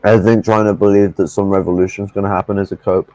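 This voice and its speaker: A man's voice: fairly low pitch, little pitch movement, fast, a little mellow, dry recording, low-quality recording. A man debating on a reaction stream, argumentative and often stumbling over his words. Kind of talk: casual debate.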